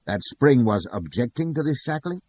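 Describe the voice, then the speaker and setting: A man voicing a loud, hectoring male prosecutor in a courtroom scene of an audiobook, with a husky voice. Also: mid-range voice, big pitch swings, normal speed, pitched above the performer's own voice. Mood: incredulous. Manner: bawling, hectoring.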